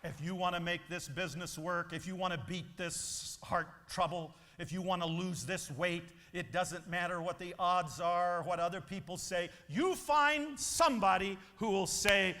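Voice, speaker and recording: At normal speed and with few pauses, a motivational speaker whose voice sits high, pushed and bright, delivers an emphatic, preacher-style story to a convention crowd. The large hall gives the recording long reverb.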